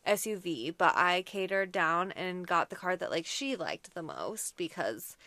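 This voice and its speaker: A woman's voice: lowish voice, sing-song, a little slow, sharp tone, no room sound. A woman co-hosting a casual chat, making dry, self-deprecating asides. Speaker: podcast co-host.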